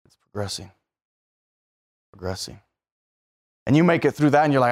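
A man's voice: mid-range voice, expressive, normal speed, long pauses. Guy preaching, chatty storytelling sermon, slips into voices for the people he talks about. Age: adult, married.

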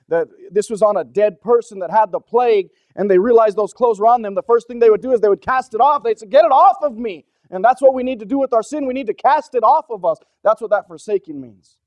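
A man preaching a sermon in an earnest, conversational way, often asking the congregation questions and shifting between soft, low-key passages and urgent emphasis. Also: fast talker, few pauses, no echo, dull audio. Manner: drops to a soft, low-key delivery for stretches, then rises with urgency.

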